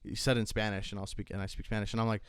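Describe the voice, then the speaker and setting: A man's voice: fairly low pitch, level tone, rapid-fire, smooth, no room sound, clean studio sound. A man, a chef and restaurant owner, telling rambling, profane stories as a podcast guest. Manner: rambling, profane, heavy on filler words. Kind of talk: casual storytelling.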